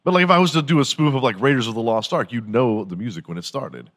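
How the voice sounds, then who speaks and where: A man's voice: medium pitch, lively intonation, quick pace, a bit bright. A man hosting a podcast in a crude, mocking comedic rant, swearing freely and slipping into silly impressions. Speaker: podcast host.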